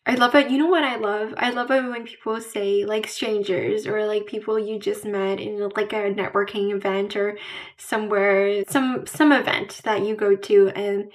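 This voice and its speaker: A woman vlogger speaks candidly to her camera in a mid-pitched voice. Her talk is halting, with repeated words and restarts as she hunts for the right phrase. She fills every gap with "like". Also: steady tone. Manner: fills pauses with frequent "like"; searches for words mid-sentence. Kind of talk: candid casual vlog to camera.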